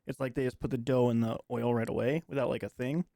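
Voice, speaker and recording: A man's voice: medium pitch, steady tone, quick pace, gravelly, warm tone, no room sound, clean studio sound. A man co-hosting a live stream, rambling casually with lots of fillers. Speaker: stream co-host. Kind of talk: casual chat.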